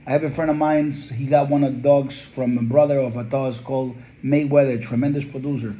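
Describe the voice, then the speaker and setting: A man's voice: medium pitch, steady tone, brisk, mellow, slight background noise, rough recording. A man, a dog breeder, telling heartfelt stories in an earnest, conversational interview. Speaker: pit bull breeder.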